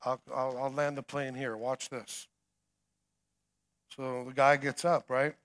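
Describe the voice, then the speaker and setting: A middle-aged man preaching a sermon, swinging between emphatic calls and quiet storytelling. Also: medium pitch, flat delivery, takes it slowly. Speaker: guest preacher.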